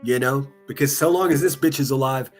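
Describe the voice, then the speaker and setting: A man's voice: medium pitch, brisk, soft background music. A man doing casual reaction commentary, reading comments aloud in a sarcastic, mocking and profane way. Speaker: online commentary streamer.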